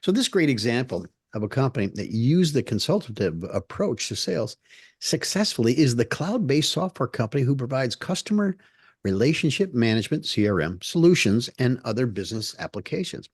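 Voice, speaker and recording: A man's voice: mid-range voice, very animated, fairly quick, husky, no room sound, studio quality. A man co-hosting a small business podcast, explaining a sales example in a casual way with small slips. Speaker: podcast co-host.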